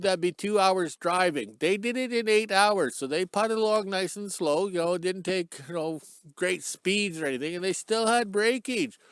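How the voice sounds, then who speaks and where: Filming himself on a stick outdoors under a cold sun, a middle-aged man from Canada riffs through his vlog intro as channel host. He jokes, chats and strays off topic, his high voice smooth with no room sound.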